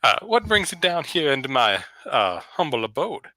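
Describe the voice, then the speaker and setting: A man's voice: medium pitch, very animated, normal speed, sharp tone, dry recording. A man doing a Southern vampire, syrupy and sinister. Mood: mock-genteel. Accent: American Southern. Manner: overly smiley, drawling, mock-polite. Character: genteel Southern vampire man, hungry and twitchy.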